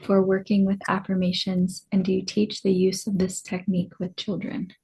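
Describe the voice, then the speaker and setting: Husky woman reading chat questions, kinda gravelly, hesitant, sounds far from the mic. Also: medium pitch, monotone, moderate pace, darkish tone. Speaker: co-host relaying chat questions. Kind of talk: online satsang, reading questions.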